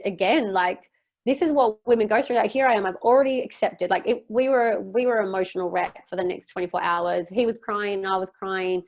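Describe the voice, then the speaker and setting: A woman's voice: medium pitch, a little mellow. Candid young woman sharing personal story. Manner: open and emotional, rambling with frequent fillers. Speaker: podcast guest.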